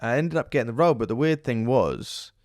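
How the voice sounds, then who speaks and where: A man's voice: medium pitch, animated, a little fast, a little mellow, no echo, clean studio sound. A man, an actor chatting as a podcast guest, telling rambling stories. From southern England. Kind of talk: casual interview chat.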